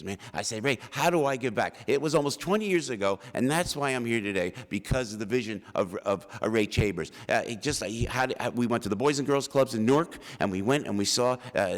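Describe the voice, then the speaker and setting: A middle-aged man giving an emotional, joking acceptance speech at an awards ceremony, calling out to the crowd. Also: mid-range voice. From New Jersey. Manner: emotional, punchy, calls out to the crowd. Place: large hall at an awards ceremony. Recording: long hall reverb.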